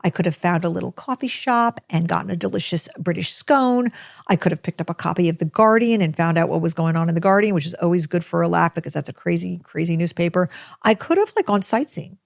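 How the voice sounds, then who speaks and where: American woman, middle-aged, lowish voice, dry close sound, lively self-deprecating storyteller. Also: quick pace, gravelly, dry recording. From United States. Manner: chatty, animated, self-deprecating. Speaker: host telling a personal story. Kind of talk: personal storytelling.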